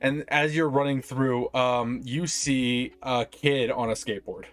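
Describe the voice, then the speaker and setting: A man's voice: mid-range voice, fairly even intonation, measured pace, faint music behind. A man narrating as game master in a casual tabletop session, joking and laughing often.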